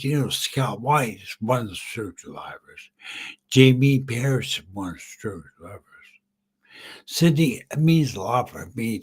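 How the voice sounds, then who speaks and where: A middle-aged man hosting a live podcast, halting and choked up as he tells his own story through tears. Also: medium pitch, breathy edge. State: tearful. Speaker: podcast host. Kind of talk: live-streamed personal story.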